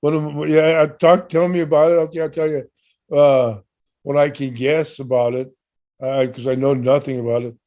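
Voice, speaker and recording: An older man in casual podcast chat, answering questions in a halting, rambling way with many fillers and restarts. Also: a little high, steady tone, darkish tone, dull audio.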